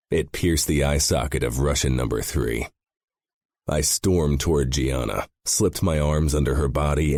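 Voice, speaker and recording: Deep male narrator for a first-person audiobook, grim and intense, very dry close sound. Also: darkish tone, no room sound.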